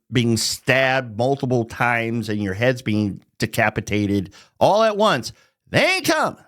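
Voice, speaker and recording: A man's voice: medium pitch, a bit bright, no room sound, clean studio sound. A middle-aged man ranting casually into the camera, profane and mocking, chuckling as he talks. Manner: profane, mocking, laughs mid-sentence. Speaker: vlogger.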